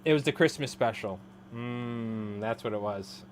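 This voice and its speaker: A man in his thirties chats loosely to his stream audience as he ties flies, rambling from one thought to the next and breaking into laughter often. His voice sits at an ordinary middle pitch. A faint hum runs underneath. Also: unhurried. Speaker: live-streaming fly tyer. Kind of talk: casual live-stream chat.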